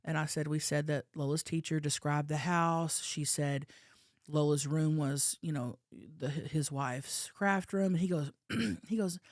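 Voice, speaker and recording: A woman co-hosting a podcast, telling a story in a casual, animated way, acting out the voices of the people in it and slipping in crude jokes. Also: deep voice, measured pace, dry recording, clean studio sound. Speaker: podcast co-host. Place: podcast studio.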